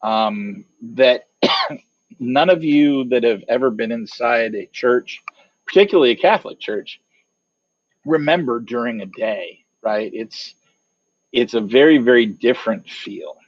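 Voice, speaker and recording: Brief: male game master, slow and halting, describing scenes, dull dry lo-fi recording. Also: medium pitch, animated, no echo. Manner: hesitant, many fillers and restarts. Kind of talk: narrating a tabletop game.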